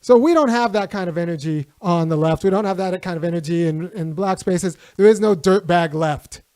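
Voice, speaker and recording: A man's voice: high-pitched, brisk, a little mellow, no echo, clean studio sound. A man hosting a political livestream, talking loosely with restarts and short laughs. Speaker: host.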